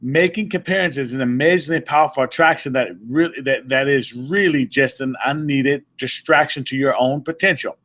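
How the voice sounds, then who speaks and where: A man's voice: mid-range voice, a little fast, hardly any pauses, a bit bright. A man leading a group session as a motivational speaker, emphatic and repetitive, restating his points and sometimes stumbling over words. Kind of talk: motivational talk to a live audience.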